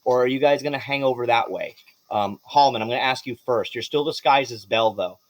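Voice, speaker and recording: A man narrating as game master of a tabletop game, animated and swearing freely. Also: medium pitch, fairly quick.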